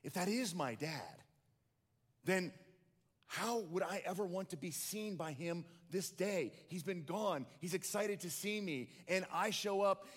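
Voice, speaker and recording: Ashamed little schoolgirl, anxious and halting, as a male preacher puts her on, a touch higher, with long hall reverb. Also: breathy edge. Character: ashamed fourth-grade girl, fearful of her father.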